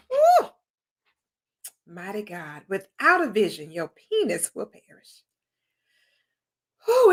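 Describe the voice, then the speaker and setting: An exuberant woman host chats in a sassy, slangy way and laughs often. Her voice is bright and forceful, and it swings widely in pitch. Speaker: host of an author celebration livestream. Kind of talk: casual chat. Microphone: streaming mic.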